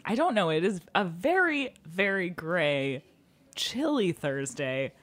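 A woman's voice: fairly low pitch, sing-song, takes it slowly. A woman co-hosting a radio show in a studio, playful and enthusiastic as she reads announcements. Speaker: radio program manager and co-host. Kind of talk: casual studio chat, reading announcements. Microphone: studio microphone.

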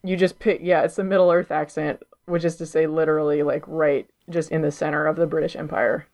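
Deadpan woman co-hosting a podcast. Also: deep voice, fairly quick. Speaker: podcast co-host. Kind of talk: casual comedic chat.

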